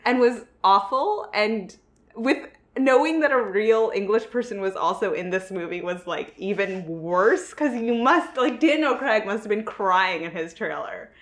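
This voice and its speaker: A woman's voice: medium pitch, lively intonation, a little slow, slight background noise. A woman from the northern United States co-hosting a podcast, talking frankly about a movie with many fillers and restarts. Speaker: podcast co-host. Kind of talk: casual film discussion.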